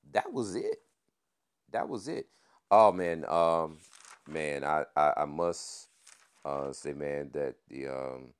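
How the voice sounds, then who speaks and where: A man hosting a podcast, giving a casual news and sports recap in a laid-back way, peppering his talk with "man" and playful wordplay. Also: extremely low pitch. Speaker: podcast host.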